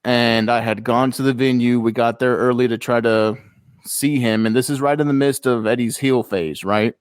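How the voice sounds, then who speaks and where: A man chats on a podcast in an easy, storytelling way. His voice sits in a middle pitch and the sound is dry and close, with no room around it. He livens up whenever he acts out what someone else said. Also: normal speed, clean tone, no room sound. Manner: storytelling, animated when quoting others. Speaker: podcast co-host. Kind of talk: casual podcast chat.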